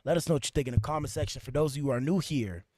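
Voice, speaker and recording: A man's voice: mid-range voice, very fast, warm tone, a little hiss or hum. A man hosting a podcast livestream, talking loosely with his chat while he fixes his stream. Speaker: podcast host. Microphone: streaming setup at a computer.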